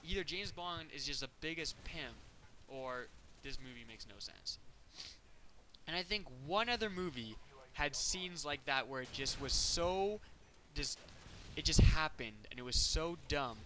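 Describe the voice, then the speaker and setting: Guy ranting over his game footage, high voice, bright and kinda sharp, super animated and disbelieving. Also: measured pace, a little hiss or hum, poor audio. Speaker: gameplay commentator. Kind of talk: casual commentary over gameplay.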